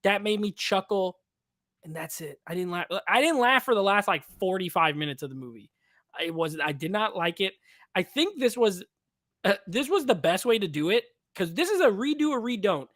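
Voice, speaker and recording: A man's voice: high voice, sing-song, normal speed, a bit bright, no echo, studio quality. A man co-hosting a casual movie review chat over a video call, rambling and filling his talk with "like.". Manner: rambling, heavy use of "like". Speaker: podcast co-host.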